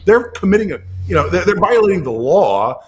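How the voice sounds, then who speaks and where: A man's voice: high voice, sing-song, fairly quick. Talkative man commenting on politics. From Indiana. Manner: talkative, with frequent fillers and restarts. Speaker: guest commentator. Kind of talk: casual political talk.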